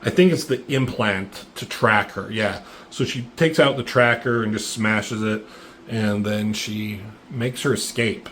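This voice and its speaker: Excitable, cursing man recapping a comic. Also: lowish voice, measured pace, a little hiss or hum. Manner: profane, excitable play-by-play with lots of fillers. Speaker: comic book reviewer. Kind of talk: casual comic book recap.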